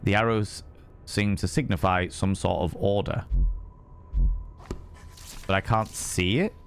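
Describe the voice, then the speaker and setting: A man's voice: sits low, fairly even intonation, takes it slowly, gravelly, slight background noise. A man streaming a horror game, reading notes aloud, swearing and thanking viewers. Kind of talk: casual live gameplay commentary.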